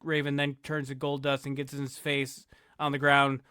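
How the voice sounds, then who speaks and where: A man's voice: mid-range voice, completely flat delivery, normal speed, sharp tone, smooth, dry recording, studio quality. A man hosting a podcast who casually narrates wrestling segments, self-correcting as he goes. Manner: laid-back, stumbles and self-corrects, self-deprecating.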